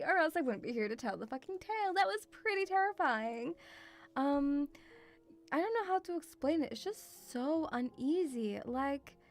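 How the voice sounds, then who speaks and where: A woman's voice: high-pitched, vocal fry. A young woman chatting on a stream, rambling with lots of fillers and swearing. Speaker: VTuber streamer. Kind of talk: casual stream chat.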